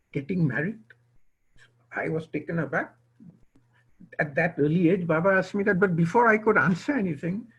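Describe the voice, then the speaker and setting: A man's voice: a little high, gravelly, slightly rough, dull audio. An older man, born in India, tells a personal story at an online gathering, quoting remembered conversations. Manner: retells remembered dialogue, quoting others. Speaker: guest speaker. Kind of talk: storytelling talk. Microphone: video call.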